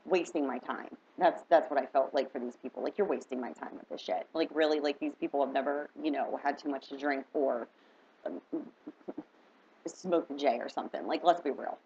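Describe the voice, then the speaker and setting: Low-voiced woman telling a rambling story. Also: normal speed, warm tone. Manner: rambling, emotional, heavy use of "like". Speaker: spiritual reader vlogger. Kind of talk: casual storytelling to camera. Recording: dull lo-fi with faint background noise.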